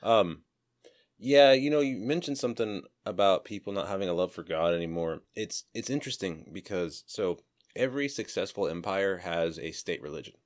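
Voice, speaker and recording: A man co-hosting a podcast in casual chat, relaxed and telling anecdotes. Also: sits low, moderate pace. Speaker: podcast co-host. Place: home studio. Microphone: studio mic.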